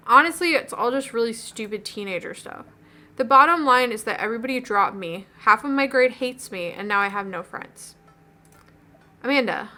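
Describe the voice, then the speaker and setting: A woman voicing an upset, rambling teenage girl in a video game, with a high, bright voice. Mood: hurt. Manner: rambling, gossipy, dejected.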